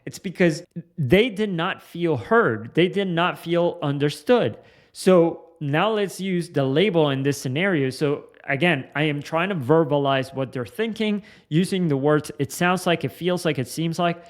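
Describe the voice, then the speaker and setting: A man's voice: on the high side, a little slow. A man giving a casual instructional talk on sales and communication, explaining loosely with frequent restarts and "like.".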